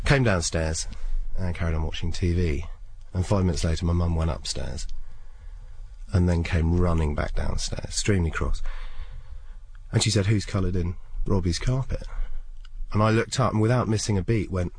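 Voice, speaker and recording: Deep-voiced male comedian telling anecdotes. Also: moderate pace, slight background noise. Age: 30s. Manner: lively storyteller, acts out voices in quotes. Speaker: comedian, interview guest. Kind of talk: casual anecdotal interview.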